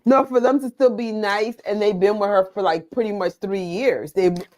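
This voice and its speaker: A woman chatting casually as co-host, reacting with quick interjections. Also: medium pitch, fairly even intonation, a little mellow. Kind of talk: casual fan chat.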